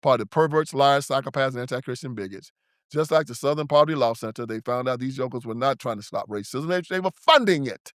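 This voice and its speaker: A man's voice: mid-range voice, quick pace, fairly bright tone, no echo, clean studio sound. A man hosting his own show, delivering an emphatic, preachy and confrontational political commentary monologue. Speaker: show host.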